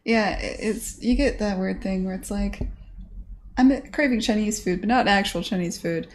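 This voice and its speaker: A woman's voice: mid-range voice, normal speed, a little hiss or hum. A woman streamer chatting casually, rambling along with lots of "like" and restarts. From United States. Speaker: game dev streamer. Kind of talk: casual chat.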